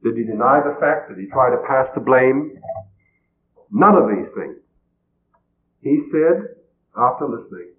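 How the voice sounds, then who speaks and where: A man giving an earnest, measured sermon, asking rhetorical questions as he preaches on a radio broadcast. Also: mid-range voice, expressive. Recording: tinny phone-like old radio broadcast.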